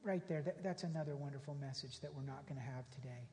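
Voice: medium pitch, quick pace, warm tone. Preacher in a long-echo hall. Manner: conversational, emphatic asides, rhetorical questions. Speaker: pastor. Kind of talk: sermon with scripture reading.

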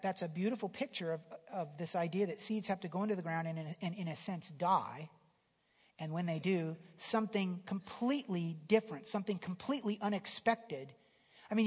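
High-voiced husky male preacher, reverberant hall. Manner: conversational, with restarts and swings from loud emphasis to near whisper. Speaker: pastor. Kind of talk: sermon.

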